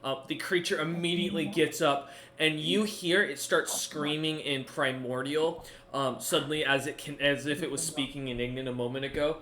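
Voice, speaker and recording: A man runs a fantasy tabletop session, narrating the scene in halting bursts. His voice is bright and sits a little high. He corrects himself often and fills gaps with um and uh. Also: fairly even intonation. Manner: narration full of fillers and self-corrections. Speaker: game master.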